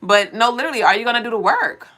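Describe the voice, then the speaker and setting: A woman's voice: on the high side, lively intonation, racing, bright, forceful tone. A woman hosting a live spiritual card reading, talking bluntly and preachily and swearing now and then. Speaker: spiritual reader.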